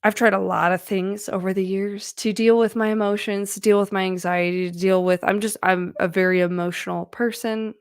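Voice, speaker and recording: A woman's voice: mid-range voice, steady tone, a little fast, few pauses, smooth, dry recording, clean studio sound. A woman giving casual, earnest advice on feelings to her viewers, chatty and full of fillers. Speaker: mental health vlogger. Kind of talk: casual talking-to-camera advice.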